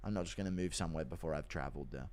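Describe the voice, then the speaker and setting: A man livestreaming and reading viewer donations in a casual chat, mumbling in a downbeat way, breaking into loud ranting bursts, and swearing freely. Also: very deep voice, rapid-fire. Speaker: streamer.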